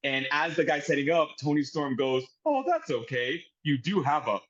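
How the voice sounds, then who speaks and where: Man telling a profane, animated story. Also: on the high side, fairly quick, lo-fi sound. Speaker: podcast co-host. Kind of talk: casual chat.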